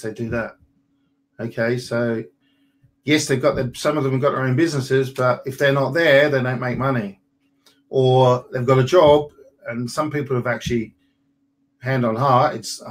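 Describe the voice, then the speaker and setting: A man, giving a casual, animated motivational talk as a property business coach and slipping into quoted dialogue. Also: mid-range voice, low-quality recording. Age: 40s. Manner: animated, colloquial, slips into acted quotes.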